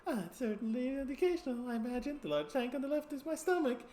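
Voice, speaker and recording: Brief: man playing a calm, teasing box-bound sideshow woman in high falsetto, echoey room. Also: fast, a little hiss or hum. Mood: calmly teasing. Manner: composed, lightly teasing.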